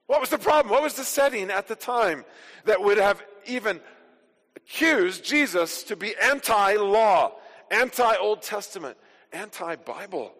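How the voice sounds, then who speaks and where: Emphatic high-voiced male preacher in a reverberant hall. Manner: emphatic, rising to forceful declarations. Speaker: pastor. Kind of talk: sermon.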